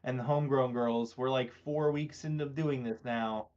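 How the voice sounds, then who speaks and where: A man co-hosting a casual podcast, laying out his views in a thoughtful, analytical way with plenty of fillers and restarts. His pitch is ordinary, and the recording sounds dull and lo-fi. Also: steady tone, normal speed, a little mellow. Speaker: podcast co-host. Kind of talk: casual wrestling review chat. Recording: dull, lo-fi mic.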